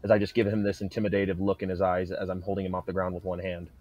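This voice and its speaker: A man's voice: deep voice, completely flat delivery, rapid-fire, darkish tone, no echo, dull audio. Intense, swearing tabletop player man. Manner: intense, aggressive, swearing in character. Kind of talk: playing a tabletop game.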